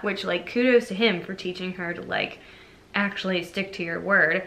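A woman's voice: medium pitch, moderate pace, sharp tone. Chatty young woman vlogger. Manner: chatty, lots of "like" and "um" fillers. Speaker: movie review vlogger. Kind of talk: casual storytelling review.

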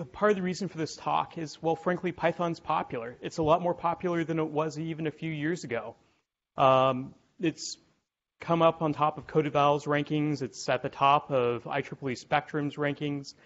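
Man, technical lecture, dry irreverent humor, slightly high voice, dull lo-fi conference recording. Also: fairly even intonation, normal speed, a bit bright. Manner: wry, irreverent humor with frequent ums. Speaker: conference presenter. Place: lecture room with an audience.

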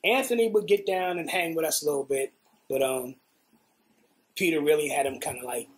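A middle-aged man with a New York accent telling profane, animated stories in a casual interview. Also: on the high side, brisk. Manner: profane, animated, acts out quotes. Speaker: interviewee, guitarist. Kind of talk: casual storytelling.

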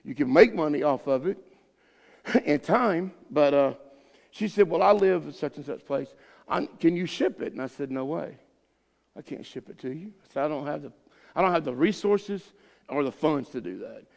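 A man's voice: fairly high pitch, lively intonation, normal speed, gravelly, a little mellow, long reverb tail. A man pastor teaching a Bible study, telling a folksy, rambling story full of restarts. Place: church sanctuary.

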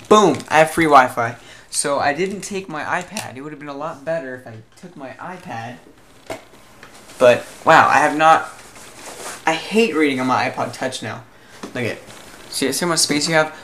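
A young man from Southern California chatting casually to camera in a rambling, animated vlog about his day. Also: a little high, a little hiss or hum. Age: young adult. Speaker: vlogger.

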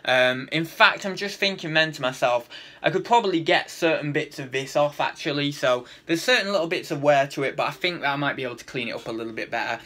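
Casual male vlogger, bright and a touch high, thinks aloud as he goes. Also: quick pace. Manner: rambling and chatty, thinking aloud with many fillers. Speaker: online reseller. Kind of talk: casual haul video chat.

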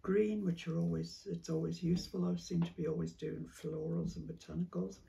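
A woman chatting casually as she sorts fabric for a craft vlog, musing aloud and dropping into soft whispered asides, with a cough now and then. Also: fairly low pitch, steady tone, brisk, creaky, distant mic. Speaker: craft vlogger. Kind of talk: casual chat while sorting fabric.

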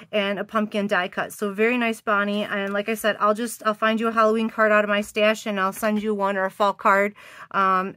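A woman's voice: medium pitch, a bit bright, dry recording. A middle-aged woman, congested from allergies, hosting a chatty craft video with lots of ums and enthusiastic praise. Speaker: card swap host. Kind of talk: casual craft video chat.

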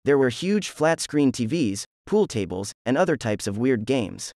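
A man's voice: medium pitch, sing-song, normal speed, a little mellow, no room sound. A man reads a fan story aloud in a crude, jokey way, his voice in an ordinary middle register. The recording is dry and close, with no room sound. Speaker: narrator. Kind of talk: fan fiction reading.

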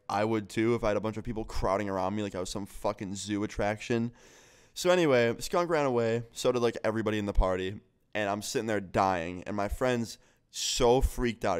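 Young male vlogger, low-ish smooth voice, animated profane storyteller. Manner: animated, heavy swearing, lots of "like". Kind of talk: storytime vlog.

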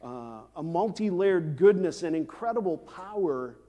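A male pastor delivers a sermon at an unhurried, deliberate pace, his voice sitting a little high for a man. He pauses often with "uh" and slips in dry asides. The sound carries a long reverb from the church sanctuary. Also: lively intonation, mellow. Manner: measured delivery with frequent "uh" fillers and dry asides.

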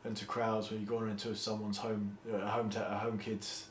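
A man's voice: fairly low pitch, little pitch movement. Male interviewer, hedging, echoey room. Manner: halting, hedges with "sort of" and "you know". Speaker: interviewer, host. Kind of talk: conversational interview questions. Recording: roomy echo, faint background noise.

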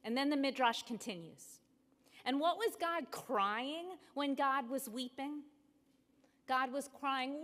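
A woman rabbi delivers a sermon in a measured, emphatic way, pausing deliberately between phrases. Her voice sits on the higher side and moves slowly. Long reverb from the sanctuary follows her words. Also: a bit bright. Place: synagogue sanctuary.

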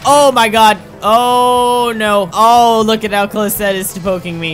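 A man giving excitable gameplay commentary, frantic, exclaiming and laughing at himself as he plays. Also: high voice, measured pace, hardly any pauses, soft background music. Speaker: gaming commentator.

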